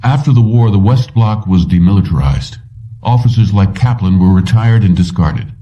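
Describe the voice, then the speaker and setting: A man voicing a weary middle-aged police commissioner who talks in a somber, measured way. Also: on the low side, warm tone, far from the mic, lo-fi sound, close to an everyday voice.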